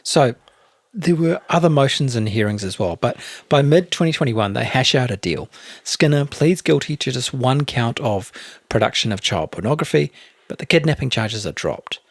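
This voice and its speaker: A man with a New Zealand accent co-hosting a true crime podcast, recounting events in a measured, matter-of-fact way. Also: medium pitch, expressive, no room sound. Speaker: podcast co-host.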